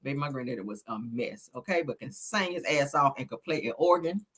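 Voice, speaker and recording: Chatty woman host, husky, bright, lively swoops in pitch. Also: brisk. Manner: animated, laughing, calls audience child and honey. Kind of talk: casual celebrity news chat.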